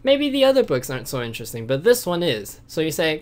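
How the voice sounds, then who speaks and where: A man's voice: on the high side, very animated, fast talker, a little mellow. Man, plain-voiced tutor type; patient explainer, hesitant, punches the key terms. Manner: explains patiently with many fillers and restarts, stressing key words. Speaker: language teacher. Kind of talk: casual online lesson.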